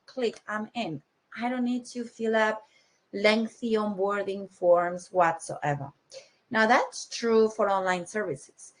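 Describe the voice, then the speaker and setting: A woman's voice: mid-range voice, animated, a little slow. A young adult woman with a cold, giving a conference talk on technology, explaining with frequent fillers and restarts. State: has a cold. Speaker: conference speaker.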